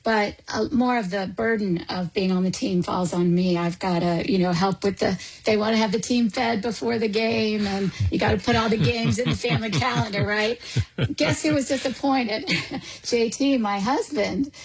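Breathy-voiced woman, chatty guest. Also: mid-range voice, moderate pace, rough recording. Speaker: guest author. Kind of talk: conversational storytelling.

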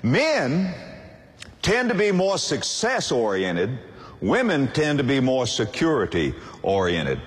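Older male preacher with lively pitch. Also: slow. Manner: emphatic repetitive preaching cadence. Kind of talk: sermon. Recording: long hall reverb.

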